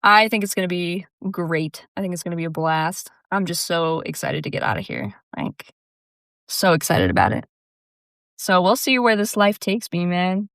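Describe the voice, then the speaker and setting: A woman's voice: on the low side, lively intonation, moderate pace, a bit bright, dry recording, studio quality. A young woman hosting her own podcast, talking casually on her own, laughing often and peppering her speech with "dude" and "like.". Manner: chatty, laughs often, says "dude" and "like" a lot. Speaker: podcast host. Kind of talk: casual solo monologue.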